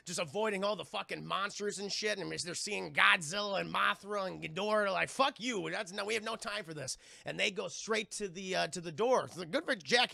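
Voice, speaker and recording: Gravelly, high-voiced male streamer. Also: no room sound, clean studio sound. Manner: animated, profane, quick voices for characters. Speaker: live streamer and film reviewer. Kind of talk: casual scene-by-scene film retelling.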